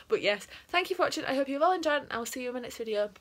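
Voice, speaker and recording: A woman's voice: high-pitched, lively intonation, quick pace, fairly bright tone, slight background noise. A young woman, chatting casually as a vlogger and reading messages aloud with lots of giggles.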